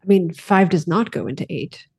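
A woman player voicing her character with a teasing, sassy edge. Her voice sits low and sounds very husky and dark. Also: expressive, normal speed. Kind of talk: in-character tabletop role-play.

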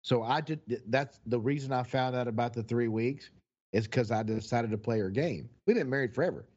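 A man's voice: medium pitch, brisk, a little mellow. A middle-aged man in casual chat, telling wry, candid stories about past relationships. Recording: dull lo-fi recording.

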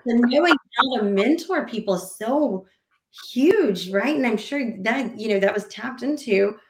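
A woman's voice: fairly high pitch, unhurried, echoey room. A woman guest on a podcast, talking casually and animatedly, acting out quoted conversations and rambling with restarts. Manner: animated, acts out quoted dialogue; rambling with frequent fillers and restarts.

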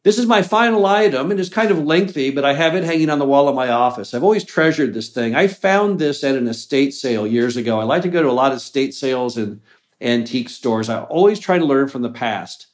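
A man's voice: mid-range voice, animated, brisk. Earnest man giving business advice. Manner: earnest, plainspoken, motivational. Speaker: host of a mobile home park business show. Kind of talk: motivational talk.

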